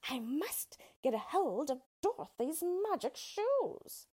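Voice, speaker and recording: A woman voicing a spiteful wicked witch in a storybook reading, with a shrill, hissing voice. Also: sing-song, takes it slowly, a little mellow, full character voice. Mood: menacing.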